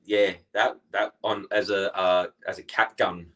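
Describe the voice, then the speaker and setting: A man's voice: deep voice, little pitch movement, a little slow, bright, forceful tone, poor audio. An adult man, a guest in casual chat, telling anecdotes and laughing often.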